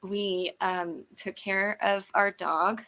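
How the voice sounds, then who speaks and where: A woman's voice: medium pitch, steady tone, slow pace, sharp tone, poor audio. A young woman from the United States chatting casually on a livestream, rambling with fillers and easy laughs. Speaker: livestream host.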